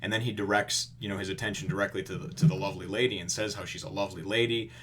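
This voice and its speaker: A man's voice: deep voice, steady tone, rapid-fire, fairly bright tone, slight background noise. A man giving a casual, rambling review of a comic chapter, full of fillers and chuckles.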